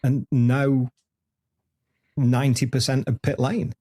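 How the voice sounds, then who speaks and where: Man, fifties, mid-pitched voice, rambling anecdotal guest, candid interview chat. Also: level tone, slow, dark tone. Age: 50s. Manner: rambling anecdotal storyteller with frequent restarts. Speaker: podcast host, interview guest.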